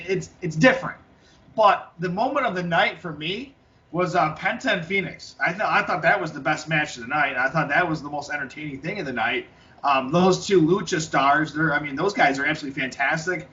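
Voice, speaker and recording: A man's voice: on the high side, sharp tone. A man co-hosting a wrestling podcast, chatting casually and rambling with many restarts and fillers. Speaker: podcast co-host. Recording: lo-fi, distant from the mic.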